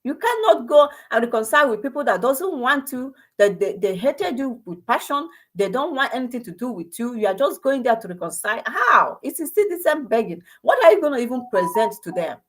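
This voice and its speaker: A woman with a Nigerian accent, a slightly high, sing-song voice, and fairly quick speech with few pauses gives an impassioned monologue on her personal channel as a commentator. She fires off rhetorical questions, restarts sentences often, and switches into Igbo.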